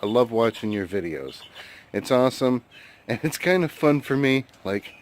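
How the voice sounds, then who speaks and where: American man, easygoing vlog host, average pitch, relaxed chatter outdoors. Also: normal speed. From United States. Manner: laid-back, chatty, laughs easily. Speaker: metal detecting vlogger. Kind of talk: casual vlog talk to camera. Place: outdoors at a hunting site and by his truck.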